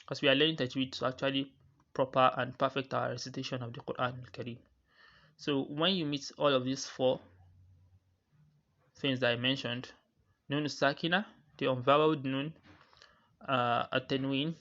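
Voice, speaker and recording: A patient male teacher walks through a poem line by line, restating each idea in new words. His voice sits at an ordinary middle pitch, and the recording sounds a little dull and lo-fi. Now and then he chants a verse quickly before explaining it. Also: fairly bright tone. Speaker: Quran recitation teacher.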